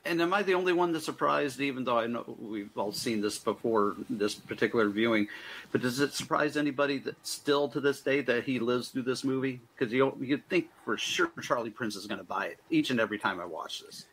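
A man's voice: medium pitch, fairly quick, fairly bright tone, slightly rough, low-quality recording. A man co-hosting a podcast, chiming in with blunt, crude quips in casual chat. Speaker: podcast co-host. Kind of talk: casual movie-discussion chat.

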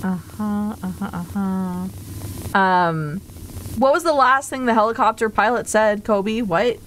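Woman streamer, casual gaming chat, high voice, unhurried, overplays her reactions. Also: a bit bright, a little hiss or hum. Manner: theatrical, exaggerated outbursts and groans.

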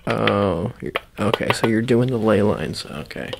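A man in a whispered role-play as an ASMR host, playful and rambling, drifting between a soft voice and whispers. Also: lowish voice, measured pace, creaky, heavy background noise.

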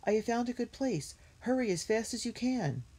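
A woman's voice: lowish voice, big pitch swings, normal speed, mellow, breathy edge, pitched above the performer's own voice, full character voice. A woman reading a storybook aloud and voicing a caring older sister, a brave girl, in a raised, urgent voice. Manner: urgent and pleading.

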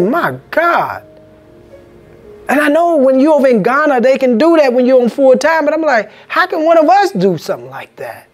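Male pastor, preaching in a church, pitch rising and falling widely, call-and-response delivery. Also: slightly rough. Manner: call-and-response, asks congregation "Amen?". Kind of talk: sermon. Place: church sanctuary.

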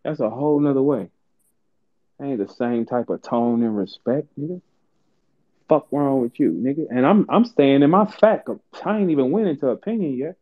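A man hosting a heated live audio chat, profane, taunting and boastful, swinging from low mutters to high outbursts. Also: animated, normal speed. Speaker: host of an online audio room. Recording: tinny phone-line audio.

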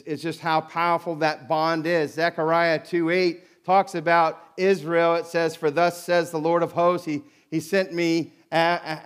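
A middle-aged male pastor delivers a sermon in a fairly high voice. He tells a personal story in an animated way, acting out the other people's lines as he goes. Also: clear, resonant tone.

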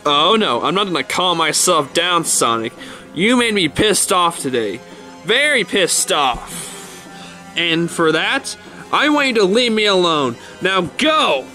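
Dude playing an angry ranting mario, bright voice that shoots up high when he yells. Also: animated, moderate pace, hardly any pauses, soft background music. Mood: scolding. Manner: exasperated, swearing, ranting. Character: Mario, short-tempered adult male plumber, easily enraged. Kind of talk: toy stop-motion fan skit voice.

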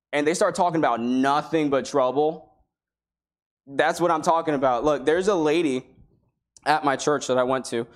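A man preaching a sermon in a church, his voice a touch high for a man. He talks to the congregation in a loose, conversational way, slipping into the voices of the people he quotes. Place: church sanctuary.

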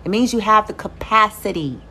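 A woman's voice: medium pitch, animated, a little fast, pushed and bright, slight background noise. Blunt, emphatic woman giving life advice. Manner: emphatic, conversational, peppered with "you know" and "okay?". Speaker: speaker sharing life advice. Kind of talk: casual motivational talk to camera.

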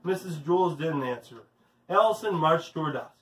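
A man, a physical education teacher, reading a children's story aloud in an animated way. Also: fairly high pitch, normal speed. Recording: roomy, distant mic.

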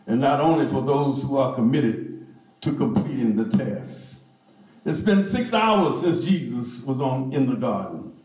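A man's voice: a little high, a little mellow, far from the mic. Man preaching in an echoey church. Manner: rising to emphatic repeated refrains. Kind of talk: sermon. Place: church sanctuary.

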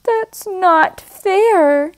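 A woman voicing a friendly, eager farm goat who wants a playmate, speaking quickly and cheerfully. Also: fairly high pitch, wildly swooping pitch, no echo, exaggerated voice.

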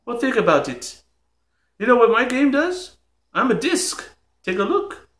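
A man doing a bright, boastful modern video game plumber, voice climbing high and swinging all over, with plenty of unhurried bragging. It sounds like a homemade toy skit, and there's a roomy echo around it. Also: very animated, heavily acted. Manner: upbeat, showing off, teasing. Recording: echoey room.

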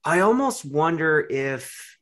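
Man asking lively, halting interview questions. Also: fairly high pitch. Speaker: interviewer, channel host.

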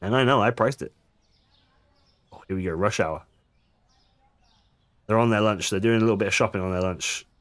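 A man's voice: on the low side, normal speed, long pauses, fairly bright tone. A man casually commenting on his gameplay, chatty and jokey, swearing now and then and making asides to his viewers. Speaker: gaming streamer.

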